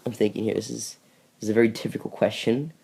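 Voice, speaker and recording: Young guy rambling fast on a podcast, dark low voice, jokey, lots of um and like. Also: little pitch movement, vocal fry, breathy edge. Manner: rambling, joking, lots of fillers. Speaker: podcast co-host. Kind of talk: casual chat. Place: bedroom.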